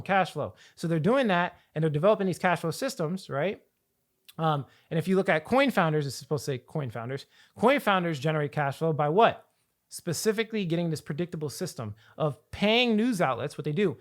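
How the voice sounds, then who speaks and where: A man coaching viewers on finance in an energetic, rambling talk to camera, often repeating and restarting his phrases. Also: high-pitched. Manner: energetic, rambling, hype-building. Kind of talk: hyped talk to camera with slides.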